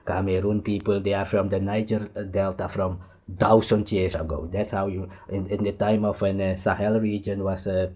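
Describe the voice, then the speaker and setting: A man's voice: on the low side, a little mellow. A man from Suriname, giving casual, rambling reaction commentary that often drifts and trails off. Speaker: host reacting to a clip.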